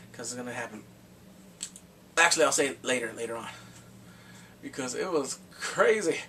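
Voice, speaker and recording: Excitable rambling man, a bit off-mic. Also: on the high side. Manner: rambling, excitable retelling with blunt crude slang. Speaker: movie reviewer. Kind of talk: casual spoken movie recap. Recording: distant mic with faint background noise.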